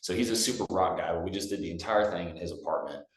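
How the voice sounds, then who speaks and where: Man, young adult, from Texas, very low voice, casual storytelling, echoey room. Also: quick pace. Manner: relaxed, chatty, with many fillers and restarts. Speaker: guest singer-songwriter. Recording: roomy echo.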